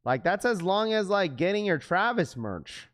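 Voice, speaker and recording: A man's voice: sits high, very animated, normal speed, fairly bright tone. A man hosting a sneaker livestream, talking casually to chat in heavy slang. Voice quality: slangy, says "bro" often.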